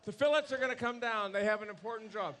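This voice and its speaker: A man's voice: high voice, fast, noisy background. A man emceeing an outdoor ceremony, upbeat, calling out instructions and thanks to a crowd. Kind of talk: crowd announcing over a PA.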